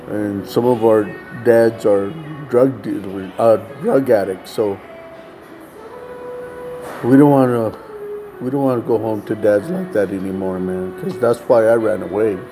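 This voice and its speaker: A man's voice: mid-range voice, mellow, rough recording. Man casually recounting a street testimony. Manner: tells a story by acting out dialogue, says "man" a lot. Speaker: storyteller recounting street ministry.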